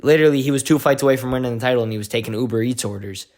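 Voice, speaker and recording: A male vlogger giving an excitable, slangy recap of a fight week, full of "like"s. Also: medium pitch, rapid-fire. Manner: excitable, slangy storytelling with many "like"s. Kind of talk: casual event recap vlog.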